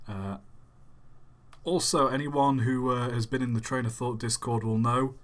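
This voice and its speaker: A man's voice: medium pitch, a little slow. A man hosting a live stream in a casual, chatty way, reading out viewers' messages and answering them offhandedly.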